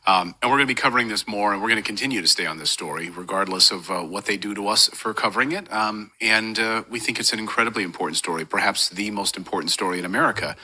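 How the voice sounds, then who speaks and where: A male interview host with a husky, somewhat low voice. He speaks earnestly and steadily, dropping in the odd filler. His tone is very bright and forceful. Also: fast, few pauses. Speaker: show host. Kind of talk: interview hosting.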